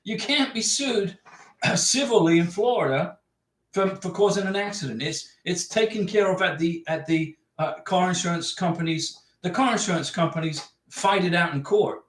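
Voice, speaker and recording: A man hosting a livestream, reading out viewer comments and giving advice in a chatty way, repeating his points for emphasis. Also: high-pitched. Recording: echoey room.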